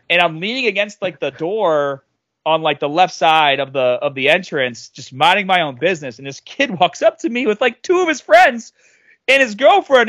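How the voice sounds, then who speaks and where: Animated man in his thirties telling stories. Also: high voice, moderate pace, no echo. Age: 30s. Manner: animated, acts out quoted voices loudly. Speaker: podcast guest. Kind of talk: casual storytelling.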